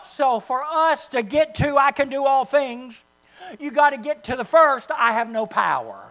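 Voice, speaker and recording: High-voiced preaching man. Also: big pitch swings, measured pace, poor audio. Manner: preaching with sudden swings from loud to hushed. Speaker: pastor. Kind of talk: sermon.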